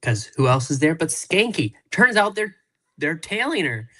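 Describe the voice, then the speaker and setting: A man's voice: a little high, sing-song, moderate pace, a bit bright, low-quality recording. A male guest reviewer recapping a TV episode in casual chat, meandering with many fillers.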